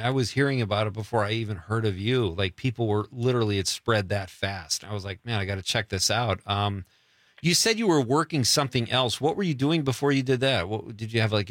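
A man's voice: mid-range voice, fairly quick, no room sound. Guy hosting a chat show, jokey and self-deprecating, dry close mic. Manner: joking, self-deprecating, laughs often. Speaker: show host. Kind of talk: casual interview.

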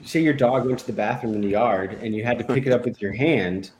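A man's voice: mid-range voice, brisk, darkish tone, a little hiss or hum, low-quality recording. Playful man, guest on radio. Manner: laughs often, light and playful. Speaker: guest editor. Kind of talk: casual radio chat.

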